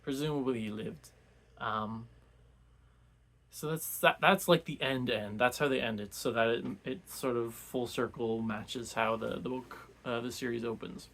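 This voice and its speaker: Give me a man with a creaky voice rambling casually through a book club recap. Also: medium pitch, steady tone, a little slow, fairly bright tone. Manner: rambling, many fillers and restarts.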